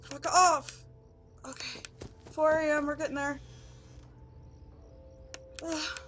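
A woman's voice: high-pitched, flat delivery, takes it slowly, fairly bright tone, soft background music. A woman doing horror game commentary, jittery and swearing constantly as she pleads with the game. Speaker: gaming youtuber.

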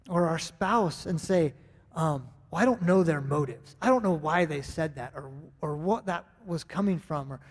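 Earnest American pastor in a reverberant hall. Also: male voice, a little high. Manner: earnest, conversational with many restarts. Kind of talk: sermon. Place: church sanctuary. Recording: long reverb of a church hall.

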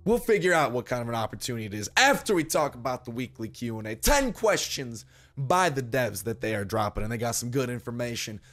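Hoarse young man chatting over gameplay. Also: mid-range voice, lively intonation, brisk, a bit bright. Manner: chatty, upbeat, sarcastic asides. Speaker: gaming channel host. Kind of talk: casual gameplay commentary.

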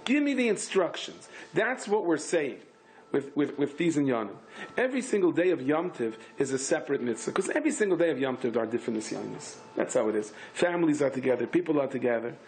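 A rabbi gives a lively Torah class in English sprinkled with Hebrew and Yiddish words. He talks fast and breaks into sudden high, emphatic bursts.

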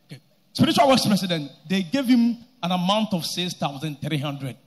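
A man presenting a congregant's testimony to a church leader, slow and emphatic, building to loud declarations. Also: high-pitched, big pitch swings. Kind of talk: public church testimony narration.

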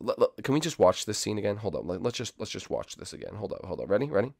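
A young man doing a comedic reaction commentary in an incredulous, excitable way, often repeating the same words. His pitch jumps around a lot. The sound is dry and close to the mic. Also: fast, gravelly, no echo. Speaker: YouTube commentator.

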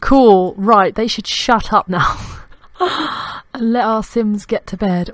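This young woman, a gaming YouTuber, takes things slowly in a medium-pitched voice. In casual Let's Play commentary she giggles and talks to the characters in her life-simulation game. Her desktop USB mic picks up no room sound, just faint game music behind her.

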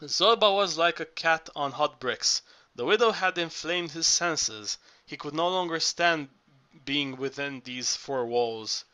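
A male audiobook reader with a bright, forceful voice that sits a bit high for a man. He narrates steadily but trips and restarts words often. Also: measured pace. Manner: frequent slips and restarts.

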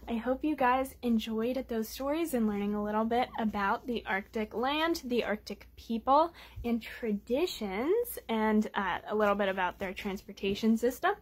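A woman reading a children's picture book aloud at storytime, gently pausing to explain words for young listeners. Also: fairly high pitch, animated. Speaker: storytime reader.

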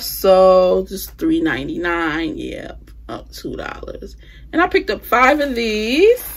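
A woman's voice: mid-range voice, gravelly. A woman chatting casually with her viewers as she shows off the holiday decor she bought, using phrasing like "y'all" and "I'ma". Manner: chatty, addresses viewers as "you guys". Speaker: home decor vlogger. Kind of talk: casual haul chat.

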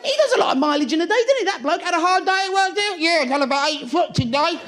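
Manic high-voiced stand-up comedian. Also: male voice, animated, quick pace, fairly bright tone, a faint crowd. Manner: manic, swearing, acting out little scenes. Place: theatre stage.

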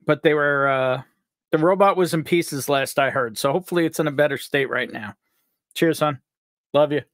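A man's voice: fairly high pitch, moderate pace, dry recording, clean studio sound. A man from upstate New York hosting a live stream, upbeat and jokey as he greets viewers by name. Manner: upbeat, jokey, reads out chat names. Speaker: livestream host.

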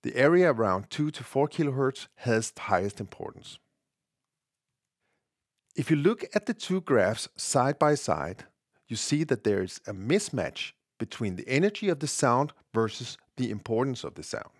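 A man's voice: mid-range voice, big pitch swings, moderate pace, no echo. This is a man in the middle of his range, delivering a scripted technical lesson. His intonation rises and falls a lot as he stresses each point with care. The sound is dry and close, with no room around it. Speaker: audio tutorial presenter.

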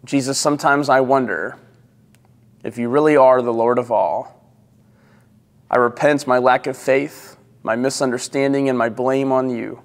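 A man's voice: medium pitch, fairly even intonation. Solemn male pastor with long reverb. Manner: slow, solemn, measured reading. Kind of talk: scripture reading and prayer. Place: church sanctuary.

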